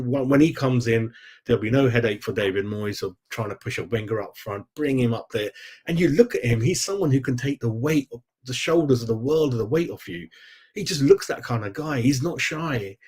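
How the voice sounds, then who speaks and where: A middle-aged man chats on a live fan stream from his room at home. He is loose and blokey and keeps calling his viewers mate. His voice sits at an ordinary middle pitch. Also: a little mellow, husky. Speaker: fan channel host. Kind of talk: casual live-stream football chat.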